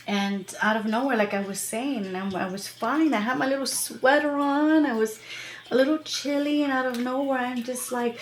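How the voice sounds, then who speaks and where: This woman's voice is a little high and moves at a normal speed, recorded in a roomy space with a faint hiss or hum. She's a tarot reader chatting casually to her viewers on camera, rambling along with lots of fillers and laughter.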